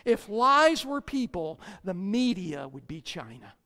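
A preacher delivering a sermon, emphatic, swinging between loud declamation and quiet asides, with sarcastic jabs and rhetorical questions. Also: medium pitch, very animated, a little slow, in a large hall.

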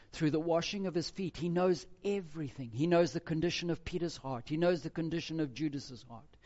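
A man preaching a sermon verse by verse, emphatic, moving between loud stressed phrases and quiet, low asides. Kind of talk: expository sermon. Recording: dull lo-fi recording with hall reverb.

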